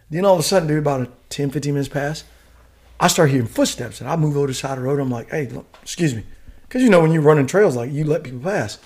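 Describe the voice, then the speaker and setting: A middle-aged man with a somewhat high, husky voice races through a story in casual, profane chat. His delivery is animated and rough-edged, and he barrels along without slowing down. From United States. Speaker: guest, retired Army warrant officer.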